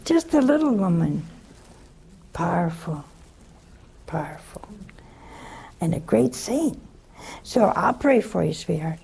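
A religious sister answering a caller on a call-in show, telling stories in a folksy, chuckling way. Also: female voice, mid-range voice, sing-song, measured pace, creaky, long pauses, warm tone, a little hiss or hum. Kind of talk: call-in advice with storytelling.

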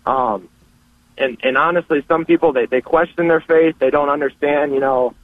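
Young man, earnest, hesitant, slightly high voice, dry phone-line sound. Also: moderate pace, no echo. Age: 20s. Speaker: caller. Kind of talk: casual call-in chat.

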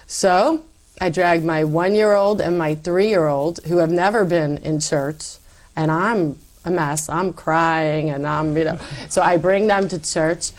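A woman guest telling her faith story in an interview, animated and acting out her past self. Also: on the low side, slow pace. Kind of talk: personal faith testimony.

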